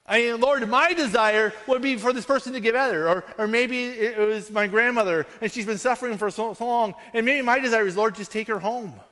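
A man preaching a sermon as pastor, earnest and conversational, often checking in with his listeners with a quick "right?". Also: very high voice, pushed and bright, in a large hall.

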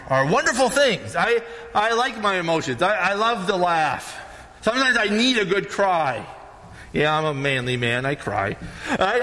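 High-voiced pastor in reverberant hall. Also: male voice, sharp tone. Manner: conversational, often asks "right?". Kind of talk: casual sermon.

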